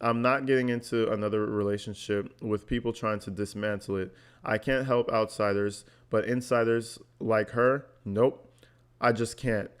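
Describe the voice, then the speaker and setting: A man's voice: on the low side, fairly even intonation, moderate pace, clean tone. A man vlogging commentary, reading text messages aloud and reacting bluntly and sarcastically, swearing freely.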